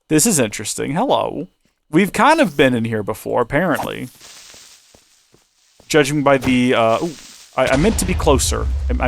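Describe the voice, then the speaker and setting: A man's voice: mid-range voice, gravelly. Chatty man narrating his gameplay. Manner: chatty, rambling, talks to himself and his viewers. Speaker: video game let's-play host. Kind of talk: casual gameplay commentary.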